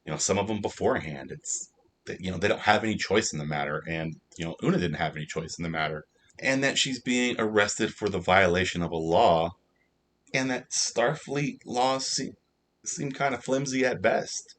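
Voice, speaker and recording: Low-voiced man recapping a TV episode. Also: animated, moderate pace, fairly bright tone, slight background noise. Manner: loose, filler-heavy retelling. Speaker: TV show reviewer.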